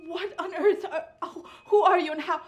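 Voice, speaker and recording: A woman's voice: extremely high pitch, steady tone, moderate pace. An actress playing a distressed, grieving immigrant woman who stammers in bewilderment. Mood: bewildered.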